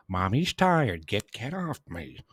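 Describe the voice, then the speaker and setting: A worn-out mother, flatly dismissive, as a man puts her on. Her voice is close and dry, and it sits near his own lowish tone. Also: slightly rough, dry recording, full character voice. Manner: flat dismissive brush-off. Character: tired, weary mother brushing off her kid.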